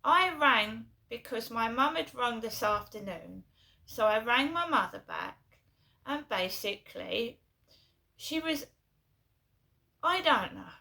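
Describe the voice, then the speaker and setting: A middle-aged woman from England rambles through a personal story, repeating herself and restarting her sentences. Her voice is bright and sits somewhat high. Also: expressive, slow, gravelly. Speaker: vlogger.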